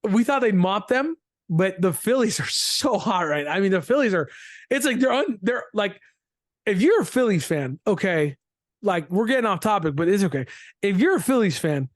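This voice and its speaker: An excitable young man chats about sports on a podcast, jumping from point to point and ribbing his co-host. His voice sits high for a man, and the sound is close and dry with no room behind it. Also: moderate pace, no room sound. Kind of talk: casual sports chat.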